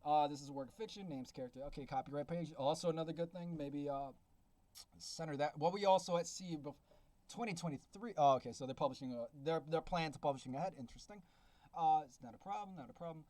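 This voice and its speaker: An excitable man out of breath, hosting a casual vlog where he beta-reads a manuscript and exclaims often. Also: on the high side, fast, dry recording. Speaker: beta reader and self-published author. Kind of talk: casual reading review vlog.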